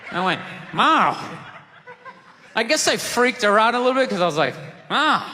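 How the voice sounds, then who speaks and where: A man doing a stand-up comedy set, loud and ranting as he acts out voices on a big stage. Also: high voice, lively intonation, racing. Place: comedy stage in a large venue. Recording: live hall with audience laughter.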